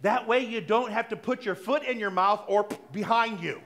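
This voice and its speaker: A middle-aged man with a high, light voice preaches to his congregation. He talks in a conversational, playful way and slips into acted-out bits of everyday dialogue. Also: moderate pace, a bit bright. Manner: conversational and playful, acting out little dialogues, laughing. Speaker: minister. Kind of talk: sermon. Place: church sanctuary.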